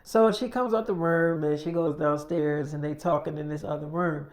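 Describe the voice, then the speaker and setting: A man's voice: on the high side, moderate pace. A man telling a casual made-up story in a rambling, slangy way full of fillers.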